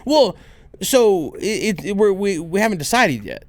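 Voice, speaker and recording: A man co-hosting a podcast, chatting in a relaxed, rambling way and laughing easily. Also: sits high, unhurried, dry recording. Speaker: podcast co-host. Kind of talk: casual podcast chat.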